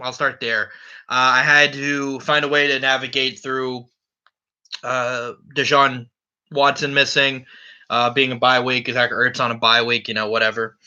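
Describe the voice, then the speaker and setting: A man's voice: medium pitch, pushed and bright, dull audio. A man running a casual solo fantasy football recap as league commissioner, brash and profane, ribbing the other league members.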